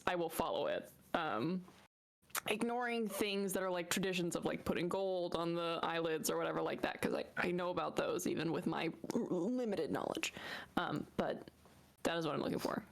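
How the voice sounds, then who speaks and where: Low gravelly woman at the game table, halting as she thinks it through. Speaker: player. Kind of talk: casual tabletop play.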